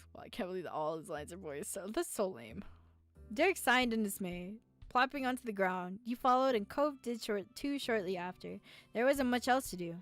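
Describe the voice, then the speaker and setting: A woman streamer reading a visual novel aloud, playful and giggly, talking back to the characters. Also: mid-range voice. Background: faint game music.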